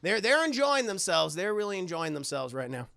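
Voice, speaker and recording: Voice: medium pitch, very animated, brisk, gravelly, a bit bright, dry recording, clean studio sound. A streamer casually recapping a horror movie for chat, rambling and swearing with frequent laughter. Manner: rambling, profane, laughing often.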